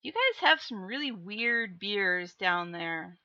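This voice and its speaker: A woman's voice: mid-range voice, lively intonation, sharp tone, no echo, dull audio. A woman with a Minnesotan accent, chatting casually on a live stream, reading chat messages aloud in a playful, teasing way. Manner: playful, teasing, drawn-out delivery.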